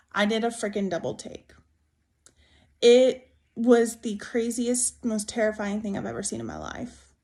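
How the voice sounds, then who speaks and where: A woman's voice: medium pitch, a little mellow. Emotional young woman telling a ghost story. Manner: emotional, rambling with "like" and restarts. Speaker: TikTok storyteller. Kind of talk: casual ghost story to camera.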